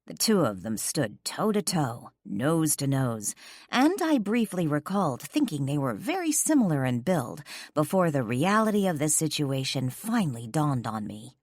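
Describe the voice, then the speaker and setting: Woman narrator, low voice, lively melody, dry close sound, romance audiobook. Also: moderate pace, dry recording. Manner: expressive, sharp-tongued.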